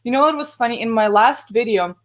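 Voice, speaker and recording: A woman's voice: fairly high pitch, fairly quick. Woman, Ukrainian accent, chatty live-stream guest, laughs a lot, video call sound. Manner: chatty, laughs often, many fillers. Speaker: guest photographer. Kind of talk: casual live-stream chat. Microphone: video call, later gaming headset.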